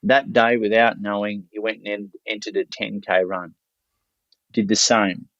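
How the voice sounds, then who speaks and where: A man's voice: on the low side, flat delivery, measured pace, a bit bright, no room sound. An Australian man, a podcast guest, telling a story in a blunt, salty, loose way. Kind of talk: casual storytelling. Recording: dull lo-fi dry recording.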